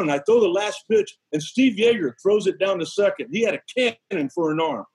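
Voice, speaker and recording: A man from Connecticut with a high, husky voice tells baseball stories with real energy. He acts out the voices of teammates as he goes. The delivery is lively, and the voice sits noticeably above most men's. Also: fairly quick, hardly any pauses, poor audio. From Connecticut, USA. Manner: lively anecdotes, acts out other people's lines. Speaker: former pitcher telling stories. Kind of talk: animated storytelling on a sports show.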